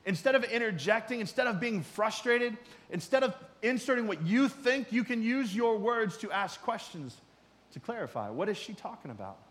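A middle-aged man preaching a sermon in a conversational way, swinging from loud emphasis to quiet asides. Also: high voice, animated, moderate pace, big-room sound. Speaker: pastor.

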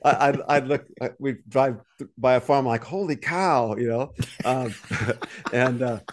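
Man, podcast co-host, casual chat, mid pitch, animated storyteller who acts out the quotes. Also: unhurried, a little hiss or hum.

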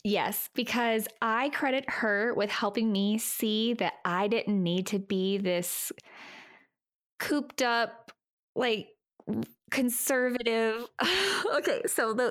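A woman telling a story in a casual podcast chat, animated and full of fillers. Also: fairly high pitch. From United States.

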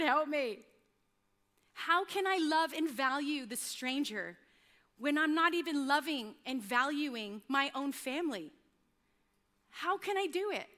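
Bright, high-voiced woman preaching. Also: big-room sound. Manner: animated, self-mocking storytelling. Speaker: pastor. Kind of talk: sermon.

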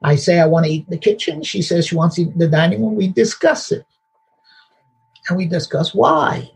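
A man speaking at a recovery meeting in a high, gravelly voice. He talks bluntly and repeats himself for emphasis, laughing at his own story. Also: animated, fairly quick, slight background noise, low-quality recording. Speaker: meeting member sharing.

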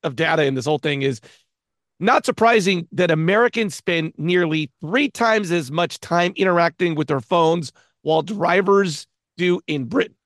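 A man co-hosting a podcast in casual chat, jokey and quick to laugh. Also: fairly high pitch, no room sound, clean studio sound. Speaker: podcast co-host.

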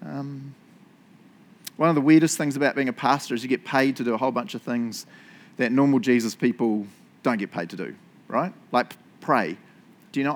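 A man preaching a casual, confessional sermon to his church, chatty and self-deprecating, laughing often. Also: medium pitch. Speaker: pastor.

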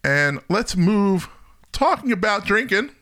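A man's voice: high voice, very animated, a little slow, a bit bright. A man co-hosting a podcast in casual chat, chatty and laughing often. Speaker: podcast co-host.

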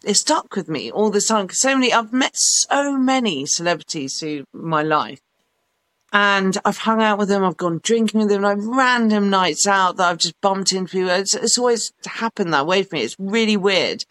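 A woman's voice: medium pitch, lively intonation, moderate pace, fairly bright tone, dry recording. A woman in her forties, a podcast guest telling rambling, sweary stories with lots of fillers. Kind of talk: casual chat, telling anecdotes.

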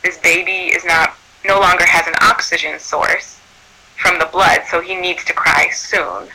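A man working as a birth doula tells a true story in a lively, animated way. His voice sits high and sounds sharp and tense. A gravelly rasp runs under his words. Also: unhurried, poor audio. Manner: animated, acts out quoted speech. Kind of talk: personal storytelling.

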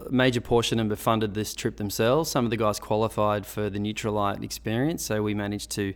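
A man's voice: lowish voice, flat delivery, a little fast, clean tone. A middle-aged Australian man chatting as an upbeat, enthusiastic podcast guest, restarting his sentences often. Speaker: podcast guest, business owner. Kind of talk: casual interview chat.

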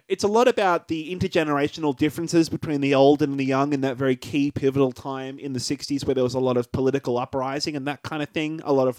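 A man's voice: mid-range voice, a little mellow, no echo. A man co-hosting a podcast, talking in a rambling, joking way with many fillers and restarts. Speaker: podcast co-host. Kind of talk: casual podcast chat.

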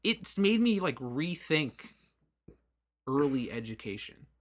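A man in his late twenties co-hosting a podcast, talking casually and animatedly, with frequent swearing. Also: a little high. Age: late 20s. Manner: animated, swearing, quick asides. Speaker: podcast co-host. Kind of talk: casual chat.

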